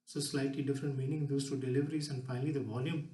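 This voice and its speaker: A man giving a public talk from a stage to a live audience, speaking in a lively, demonstrative way. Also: medium pitch, fast, hardly any pauses, echoey room. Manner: lively, demonstrative, shifts voice to show examples.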